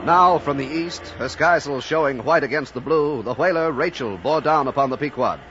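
A man narrating a sea story in a measured, literary style, as a radio drama narrator. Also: fairly high pitch. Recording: dull lo-fi radio recording. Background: music.

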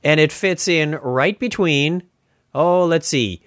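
A man's voice: on the high side, slow, fairly bright tone, clear, resonant tone, no echo, studio quality. A man hosting a casual tech podcast, chatty and laughing as he retells funny stories. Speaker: podcast host.

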